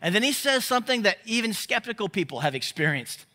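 Male pastor, high bright voice, chatty sermon delivery, quizzes the congregation. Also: sing-song, quick pace. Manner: conversational, asks the crowd questions. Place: church service.

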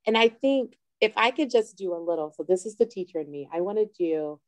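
A woman's voice: mid-range voice, lively intonation, fairly quick, no echo, low-quality recording. A woman teacher on a round table panel, telling a personal story and then guiding listeners through a show-of-fingers exercise.

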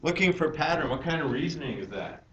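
A male math teacher lecturing in a classroom, working through each step and asking the students questions as he goes. He sits a little high for a man, and the mic is set back from him, so the room rings around his voice with a light hiss underneath. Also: sing-song, fast talker, fairly bright tone, roomy sound, distant mic, dull audio.

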